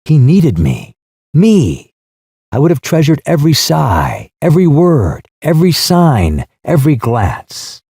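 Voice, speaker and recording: A male narrator voicing a grieving young woman in mourning, speaking in a trembling, halting, fervent way. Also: on the low side, very animated, dark tone, dry recording, clean studio sound, full character voice.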